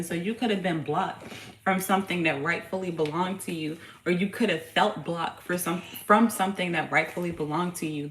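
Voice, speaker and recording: A woman's voice: lowish voice, fairly bright tone. Casual, profane woman tarot reader, roomy. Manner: casual, profane, slangy and hyped-up. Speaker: tarot reader and channel host. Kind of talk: casual tarot reading livestream chat. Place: home room with her young son nearby. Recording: roomy echo with faint background noise.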